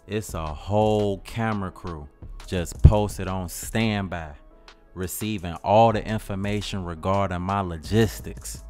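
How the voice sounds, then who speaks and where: A man's voice: deep voice, measured pace, soft background music. A man with a Chicago accent telling a comedic story in slang, jumping into voices. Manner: slangy, animated, switching into voices. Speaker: comedy skit narrator.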